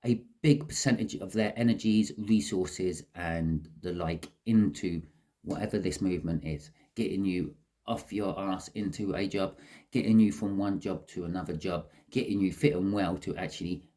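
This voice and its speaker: A man with a low-pitched, dark voice speaks at a moderate pace while giving a casual tarot reading to camera. Chatty throughout, he explains each card and often says "okay."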